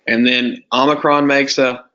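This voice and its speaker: Guy teaching greek real slow and patient, asks the class lots of questions, muffled lo-fi sound. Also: medium pitch, flat delivery, pushed and bright. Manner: patient, quizzes students with prompting questions.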